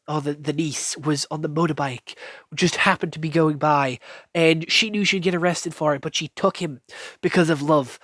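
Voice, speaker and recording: A man's voice: fairly high pitch, no room sound, clean studio sound. A man giving a casual, rambling anime review, gushing and swearing freely with lots of restarts. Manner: gushing, profane, rambling with many likes and restarts.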